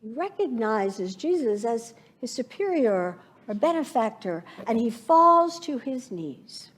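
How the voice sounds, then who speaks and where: A woman pastor preaching a sermon, slow and reflective, painting scenes from scripture for her congregation. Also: on the high side, sing-song.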